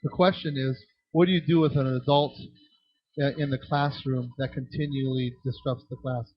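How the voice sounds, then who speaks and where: With a husky mid-range voice at a moderate pace, a man runs a children's ministry training workshop, fielding audience questions. He's animated, acting out voices in his anecdotes and often restarting sentences. The lo-fi recording sounds dull and dry, with no room sound.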